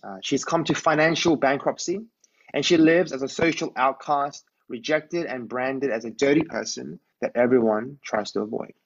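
A man's voice: medium pitch, normal speed, vocal fry, dull audio. A man preaching a conversational sermon. He tells a Bible story and often asks his listeners to imagine the scene.

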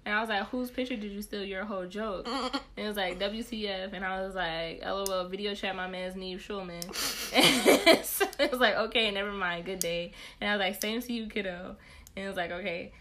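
A woman's voice: medium pitch, fairly quick, a bit bright. A young woman co-hosting a podcast, telling a story in casual chat with many fillers and acted-out dialogue. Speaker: podcast co-host.

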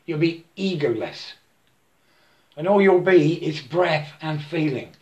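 A man giving a halting, repetitive spiritual monologue, breaking into chanted mantras and laughing to himself. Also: on the high side, expressive, darkish tone, dull audio.

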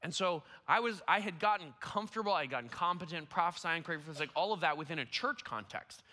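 A young man preaching, telling a story in an animated, self-deprecating way, full of fillers like "like" and "you know.". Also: fairly high pitch, fast talker. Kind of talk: sermon storytelling. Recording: long hall reverb.

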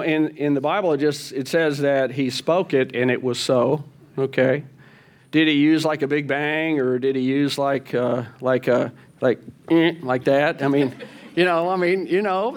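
A man leading a Bible study in a conversational way, often checking in with his listeners and asking them questions. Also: fairly high pitch. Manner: informal, with fillers and self-corrections.

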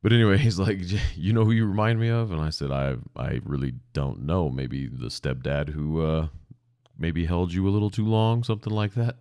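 A man's voice: rumbling low, animated, moderate pace, darkish tone, smooth, dry recording, clean studio sound. A young man hosting a podcast, rambling casually and self-deprecatingly with lots of swearing. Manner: profane, self-deprecating, digressive. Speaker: podcast host. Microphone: podcast microphone.

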